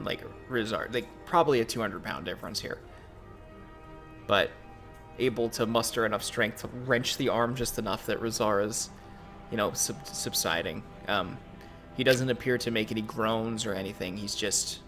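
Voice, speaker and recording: A man's voice: lowish voice, bright, forceful tone. A man narrating as game master of a tabletop game, loose and rambling, laughing often.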